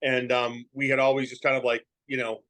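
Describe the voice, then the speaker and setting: A man's voice: medium pitch, flat delivery, fairly quick, fairly bright tone. A man with a light New England accent, chatting as a podcast guest, rambling with lots of fillers and restarts. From Massachusetts. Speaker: podcast guest, professional wrestler. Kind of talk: casual chat.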